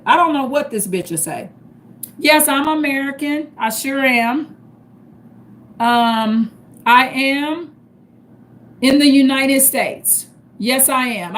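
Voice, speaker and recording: A middle-aged woman from St. Louis with a high voice, talking straight to her livestream viewers. She is blunt, tough and full of cursing. Faint noise sits under her voice. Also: a bit bright. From St. Louis, Missouri, US. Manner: blunt and profane, street-tough. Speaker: livestream host. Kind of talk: casual livestream talk.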